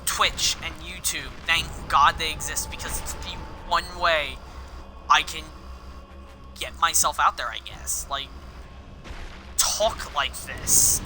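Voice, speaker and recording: A man's voice: fairly high pitch, poor audio. A man streaming a video game, rambling candidly and swearing often while he plays. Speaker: gaming streamer. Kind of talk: live game commentary with personal confession.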